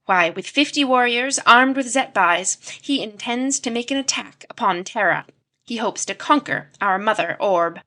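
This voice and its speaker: A woman's voice: on the high side, expressive, moderate pace, pushed and bright. A woman voicing a weary, grave old professor. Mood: earnest. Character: elderly male professor, earnest and dutiful.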